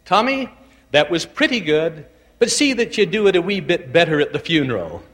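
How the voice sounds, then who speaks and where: A woman's voice: lowish voice, very animated, normal speed, long reverb tail, a little hiss or hum. A man voicing a blind, hundred-year-old Scottish widow who bosses him fondly, in a Scottish brogue. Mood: fond, teasing. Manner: fond, gently bossy.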